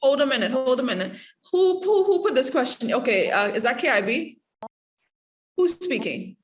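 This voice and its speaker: Woman, acting teacher, high voice, lively, echoey room sound. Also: moderate pace. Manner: lively, acts out examples with laughter. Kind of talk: online acting workshop Q&A.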